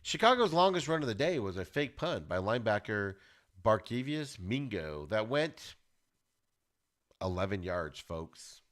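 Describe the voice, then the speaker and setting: A man hosting a podcast, giving an animated, ranting football recap with plenty of exclamations. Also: fairly low pitch, measured pace. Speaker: podcast host.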